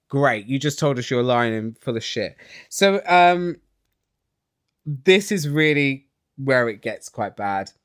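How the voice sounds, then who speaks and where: A man's voice: on the high side, smooth, no echo, studio quality. Catty man recapping reality TV. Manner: catty, sarcastic, chatty. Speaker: recap vlogger. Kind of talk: casual TV recap.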